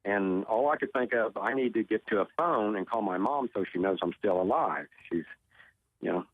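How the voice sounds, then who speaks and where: A man from Oklahoma, a tornado survivor appearing as a talk show guest, earnestly tells a personal story and often repeats his words. His voice is lowish with a breathy edge and a moderate pace. The clip has no room sound and comes through a tinny phone line.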